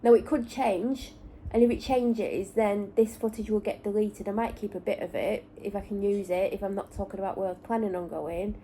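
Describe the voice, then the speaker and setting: Sitting in a parked car, a female vlogger from North West England chats casually into a camera or phone, rambling, candid, and often correcting herself. Her Lancashire accent shows hints of Manchester, and her warm, medium-pitched voice stays fairly even at a normal pace. The low-quality recording carries a little hiss or hum.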